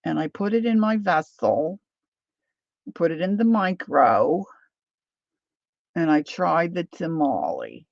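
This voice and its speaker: A woman's voice: low voice, big pitch swings, slow, creaky, long pauses, no room sound. A woman hosting a live crafting stream, rambling and poking fun at herself while she greets viewers by name. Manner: rambling, self-deprecating, chats with viewers by name. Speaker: craft livestream host. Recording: dull lo-fi sound.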